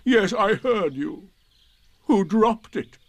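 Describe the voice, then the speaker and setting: A man voicing a gloomy, self-pitying old male donkey in a storybook reading, with a slow, mournful, sarcastic drawl. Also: high-pitched, animated, no echo, voice pushed up, full character voice.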